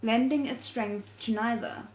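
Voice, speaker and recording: A woman reading a novel aloud as a readalong host, soft and measured, breaking off to react with feeling. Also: on the high side, fairly even intonation, a little hiss or hum. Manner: emotionally invested, breaks off to react.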